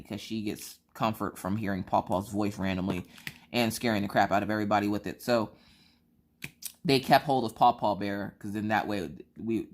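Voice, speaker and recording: A woman vlogger telling a story in a chatty, slangy way, acting out the voices she quotes. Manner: animated, acts out quoted voices with big pitch jumps; casual slangy talk, addresses viewers as y'all.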